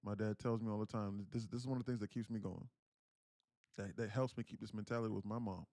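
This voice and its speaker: A fast-talking man in his thirties, host of a day trading livestream, candidly and earnestly relates a family story while repeating his phrases often. His lowish voice is mellow and steady, captured in a dry studio recording.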